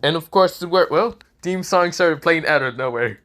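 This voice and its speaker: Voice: mid-range voice, normal speed, a bit bright. A fan-fiction narrator casually retelling a story, rambling with many fillers and self-corrections.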